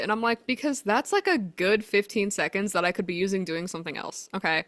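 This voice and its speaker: A woman's voice: mid-range voice, fast, hardly any pauses, a bit bright, no room sound, clean studio sound. Playful, swearing woman in casual chat.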